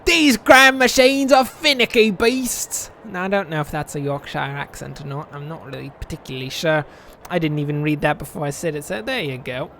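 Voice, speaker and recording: High-voiced man joking through a game. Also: quick pace, creaky, slight background noise. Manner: playful, rambling, jokey asides. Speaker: game streamer. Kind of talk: reading a text game aloud with commentary.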